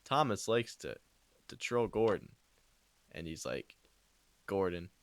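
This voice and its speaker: A young man narrating a crude, improvised parody story into a home microphone, rambling and swearing with deadpan asides. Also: lowish voice, unhurried, dry recording. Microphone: new home microphone.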